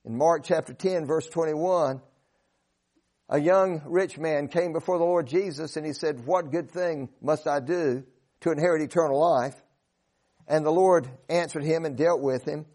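Man, preacher, high voice, earnest, emphatic, sermon, scripture recitation. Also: unhurried, a little mellow. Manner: earnest, emphatic, quotes scripture in King James wording.

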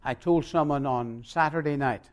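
A male pastor preaching a sermon, emphatic and swinging between loud and quiet, telling stories with long pauses. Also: fairly high pitch.

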